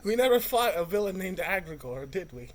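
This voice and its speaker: A host reacting to a cartoon episode, ranting in an animated way and laughing often. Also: medium pitch, a little fast. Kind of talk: reaction video commentary.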